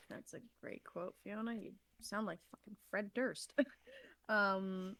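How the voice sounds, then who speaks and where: Reading from an old notebook on a podcast she co-hosts, this woman rambles, laughs and swears through the casual chat. She speaks slowly and steadily in a mid-range, slightly bright voice.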